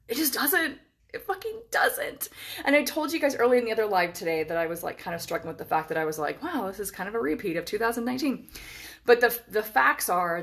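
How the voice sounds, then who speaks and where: A woman in her thirties chatting on a live stream from a hotel room, excitable and swearing freely, with lots of fillers. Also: lowish voice. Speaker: vlogger. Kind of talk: casual live-stream chat.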